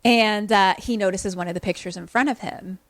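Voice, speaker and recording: A young woman casually recapping a horror movie for a podcast, animated and profane, acting out lines from the film. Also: medium pitch, brisk, dry recording. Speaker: podcast co-host.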